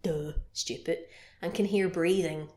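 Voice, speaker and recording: Woman excitedly retelling a film scene. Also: lowish voice, a little slow, echoey room. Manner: animated storyteller with playful sound effects. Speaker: podcast co-host. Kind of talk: casual chat retelling a horror film.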